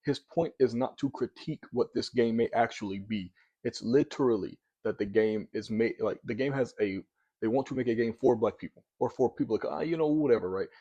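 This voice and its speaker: Male commentator, casual reaction talk, pushy and argumentative, warm low timbre. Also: a little fast, lo-fi sound. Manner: animated, argumentative, repeats words when pressing a point.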